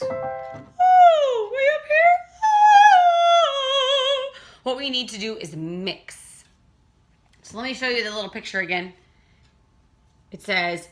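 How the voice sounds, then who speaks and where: A woman's voice: medium pitch, pushed and bright. A woman teaching a casual singing lesson, chatting and breaking off to demonstrate vocal sounds.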